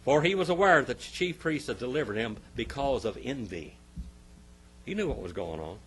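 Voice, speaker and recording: Animated man teaching a Bible class. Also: mid-range voice, moderate pace, slightly rough. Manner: animated, swinging from loud emphatic bursts to quiet asides; repeats phrases for emphasis. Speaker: Sunday school teacher. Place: church classroom.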